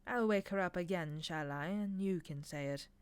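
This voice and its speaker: A woman's voice: fairly low pitch, moderate pace, clear, resonant tone, natural voice. A woman reading aloud and voicing a sardonic, snappish male demon in an audiobook reading.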